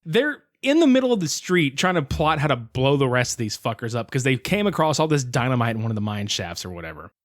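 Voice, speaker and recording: A man's voice: medium pitch, sing-song, fast, hardly any pauses, no echo, clean studio sound. Sarcastic man riffing on a film. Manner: sarcastic, profane commentary. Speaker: podcast co-host. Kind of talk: casual movie review chat.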